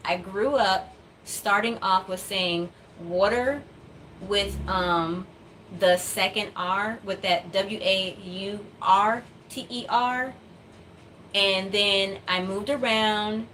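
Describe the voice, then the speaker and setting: A US woman who customizes dolls talks casually to her audience in a medium-pitched voice with a sharp tone. She meanders, using plenty of fillers and short laughs, and a little hiss or hum can be heard.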